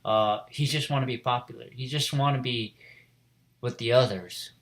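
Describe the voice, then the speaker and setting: A man's voice: mid-range voice, moderate pace, a bit bright. A man casually reviewing an anime episode, rambling with lots of "you know" and "like" and restarting his phrases.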